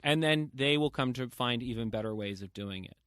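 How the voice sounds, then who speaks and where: A man in his thirties hosting a podcast, talking in a loose, animated way with lots of fillers and quoted asides. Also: medium pitch, fairly quick, clear, resonant tone, no echo, clean studio sound. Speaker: podcast host. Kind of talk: casual interview chat.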